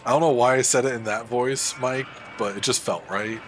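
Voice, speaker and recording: A man's voice: mid-range voice, moderate pace. A man streaming a game from his desk at home, chatting casually and answering viewers as he plays. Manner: chatty, reads and answers chat, animated. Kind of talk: casual game livestream chat. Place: home room at a standing desk. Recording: faint music behind the voice.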